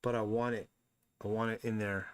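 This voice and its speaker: A man's voice: on the low side, level tone, moderate pace, smooth, dry recording. A man casually chatting on a live stream while he draws, blunt and rambling, often talking to himself about his work. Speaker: artist streaming a drawing session.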